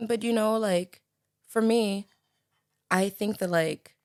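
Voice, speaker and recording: A woman's voice: mid-range voice, slow pace, dry recording, studio quality. A young woman from the Bahamas with a light Bahamian accent, chatting as a podcast guest and filling her talk with "like" and "you know". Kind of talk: casual conversation.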